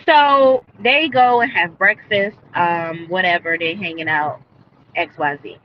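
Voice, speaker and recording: A woman's voice: on the low side, a little slow, muffled recording, slight background noise. A woman recapping a TV episode live for viewers, blunt and opinionated, speaking into a headset mic. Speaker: TV show reviewer. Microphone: earbud headset.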